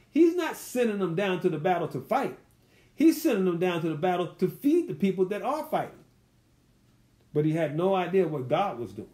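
A man with a high-pitched voice takes his listeners verse by verse through a Bible study. He talks in a loose, colloquial way and keeps putting rhetorical questions to them. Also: sing-song, normal speed, mellow. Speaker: Bible teacher.

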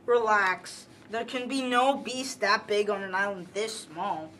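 A young woman playing a cautious boy leader who tries to keep the others calm, in an amateur school drama reading. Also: medium pitch, recorded from a distance, a little hiss or hum, natural voice. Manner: calm, measured, reasoning.

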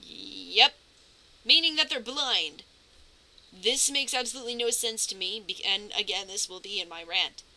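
A woman's voice: medium pitch, normal speed, pushed and bright, low-quality recording. A woman commentating her game playthrough, chatty and narrating her moves, with nervous reactions. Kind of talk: let's play commentary.

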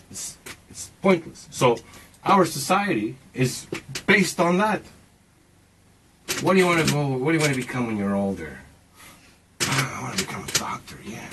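Animated, swearing man in his forties. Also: medium pitch, moderate pace, long pauses, slight background noise, rough recording. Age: 40s. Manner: swearing, emphatic, philosophizing, addresses listener as man. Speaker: speaker sharing personal views. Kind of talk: casual rambling monologue.

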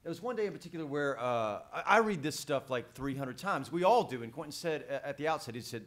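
A man on a press conference panel telling a story about acting, animated, swearing and repeating words. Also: a little high, fast.

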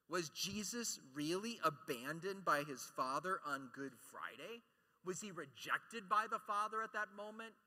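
A man giving a conference talk, animated and joking, acting out quotes as he teaches. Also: high-pitched, big-room sound. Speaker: speaker at a Catholic conference.

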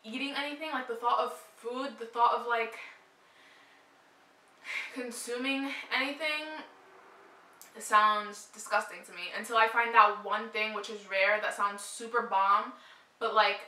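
A woman's voice: a little high, fairly even intonation, a little slow, pauses often, pushed and bright. A young woman in her twenties, pregnant and suffering morning sickness, chatting casually to camera in a rambling way full of fillers. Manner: rambling, filler-heavy "like" talk. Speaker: vlogger. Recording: roomy echo, mic at a distance.

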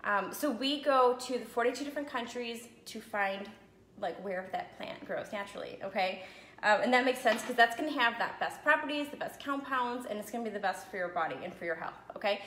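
A woman's voice: fairly high pitch, fairly quick, fairly bright tone, slight background noise. Woman, casual phone live video, slightly winded, chatty with constant check-ins, echoey room. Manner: chatty, keeps checking in with "okay?" and "right?". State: a little out of breath after a run. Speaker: essential oil seller. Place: her home.

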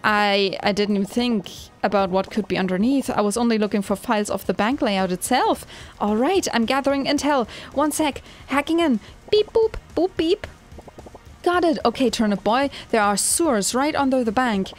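Woman reading as a brisk hacker girl from a game, businesslike, higher voice. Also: natural voice. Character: quick young female hacker ally.

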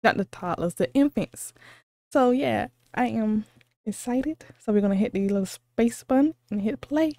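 A woman hosting a reaction video, gushing with excited, squealing exclamations and repeating herself, a little sleepy because it is late at night. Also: fairly high pitch, normal speed, dry recording. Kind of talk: excited casual reaction commentary.

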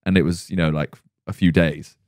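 Young male co-host, low voice, lively anecdotes, dry close mic. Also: brisk, dry recording. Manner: animated storyteller, acts out quotes, laughs loudly. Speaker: podcast co-host. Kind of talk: casual chat.

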